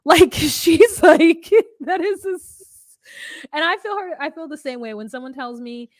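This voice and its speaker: A woman co-hosting a casual reality TV recap chat, animated and laughing as she acts out the cast's lines. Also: high voice, slow pace, no echo, studio quality. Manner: animated, laughing, acting out cast members' lines. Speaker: podcast co-host.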